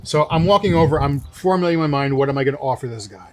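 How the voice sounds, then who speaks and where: At a winery, a young man who co-hosts a show casually tells a story, acting out the people in it with lively quotes. His voice is a little high and his delivery rapid-fire.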